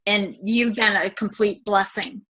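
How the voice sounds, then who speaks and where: Woman client giving an emotional testimonial, bright voice, many fillers. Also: mid-range voice, steady tone, breathy edge. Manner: halting, many fillers, tearful at times.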